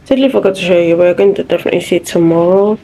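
A young woman vlogging from home to her phone, chatty and sassy with sudden high exclamations. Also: fairly even intonation, racing, warm tone, slight background noise, low-quality recording. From Nigeria. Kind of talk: casual vlog chat to camera. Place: home, indoors.

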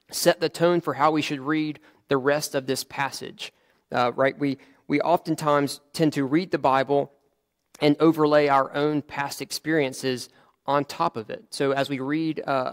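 A man preaching a sermon in a conversational way, often restarting his phrases and adding fillers. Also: a little high.

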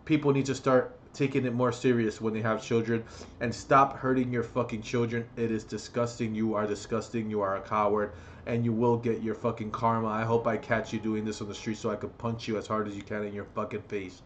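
A man's voice: on the low side, little pitch movement, a little fast, a little hiss or hum. A man on a profane, heated rant. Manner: heated, profane ranting with loud outbursts. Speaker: vlogger. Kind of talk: ranting vlog monologue.

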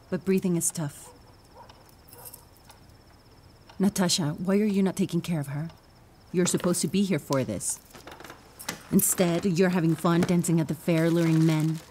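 A stern village doctor, as a woman plays her in a dubbed film drama, lecturing and coaxing by turns. Her voice is low and mellow, with faint noise behind it. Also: lightly acted.

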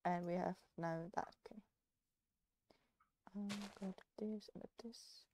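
A woman's voice: fairly low pitch, fairly even intonation, a little slow, dark tone, a little hiss or hum. A woman hosting a casual game let's play, playful and coaxing, baby-talking to the animals. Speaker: gaming channel host.

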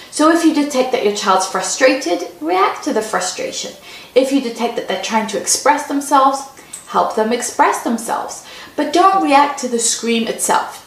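Woman, parenting educator, calm, reassuring, gravelly, roomy echo. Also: on the high side. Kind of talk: advice talk to parents.

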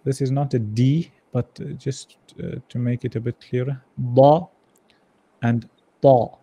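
Man teaching arabic letters, dark mellow voice, dry close sound, patient drills. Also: mid-range voice, fairly even intonation, breathy edge, dry recording. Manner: patient, drills each sound with slow repeats. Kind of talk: online class, leading students through syllables.

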